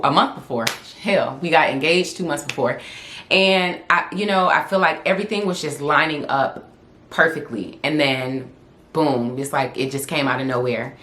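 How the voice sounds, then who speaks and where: Low-voiced chatty woman. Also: moderate pace, a bit bright. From Southern United States. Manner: chatty and candid, laughing often. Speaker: vlogger and influencer. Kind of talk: casual Q&A vlog. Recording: echoey room.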